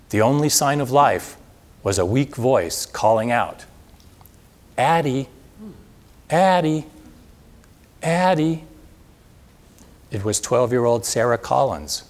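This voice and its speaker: A man reading a historical account in a measured, dramatic way, then addressing an audience. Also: fairly low pitch. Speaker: speaker reading historical narration.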